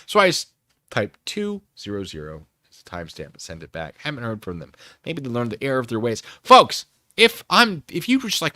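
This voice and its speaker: Rambling, animated man streamer. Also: medium pitch, no room sound, clean studio sound. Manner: rambling, self-deprecating, fast-talking. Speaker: streamer host. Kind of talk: casual live-stream chat. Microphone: desk microphone.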